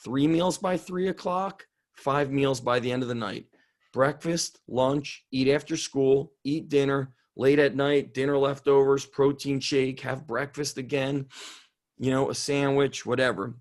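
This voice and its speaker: A man's voice: medium pitch, steady tone, measured pace. Guest: blunt, profane, fired-up middle-aged man, coach, mid-range voice. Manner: blunt, fired up, swears freely. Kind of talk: casual interview.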